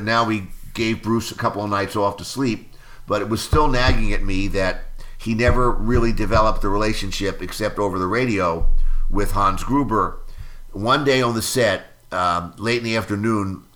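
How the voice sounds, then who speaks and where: A man's voice: on the low side, pushed and bright. An older man, a screenwriter, telling anecdotes in an interview, rambling with many fillers and restarts.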